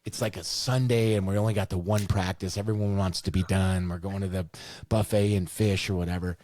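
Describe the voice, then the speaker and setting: Middle-aged male podcast co-host, low voice, casual storyteller with a loose mouth. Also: fairly quick, dry recording. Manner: animated, repeats words, swears casually.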